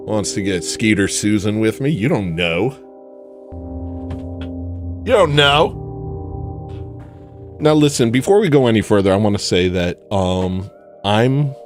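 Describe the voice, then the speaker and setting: A man ranting in a rambling, jokey monologue on a livestream, swinging from shouting to muttering. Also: lowish voice. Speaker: livestream host.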